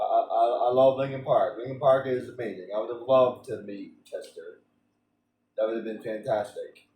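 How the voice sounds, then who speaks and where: A man's voice: medium pitch, dark tone, reverberant, distant mic, slight background noise, low-quality recording. A man streaming a game, chatting in a rambling way with frequent restarts and stammers. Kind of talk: casual rambling chat during a game stream.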